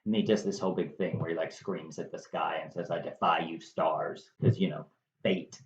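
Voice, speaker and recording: In a roomy, somewhat dull recording, a male video host gives a casual storytelling lesson, recounting a play with wry conversational asides. He speaks fairly quickly in a low-pitched, darkish voice.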